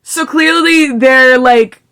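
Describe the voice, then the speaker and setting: A woman's voice: sits high, takes it slowly, fairly bright tone. A young woman in her twenties giving a casual, sarcastic book recap, reading passages aloud between giggly asides. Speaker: book reviewer.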